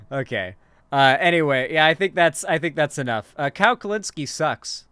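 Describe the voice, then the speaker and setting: Smooth-voiced young male streamer. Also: fairly high pitch, animated, normal speed, sharp tone, no room sound. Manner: loose and rambling, tags lines with "okay?", swears casually. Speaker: streamer and commentary host. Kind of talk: casual live commentary.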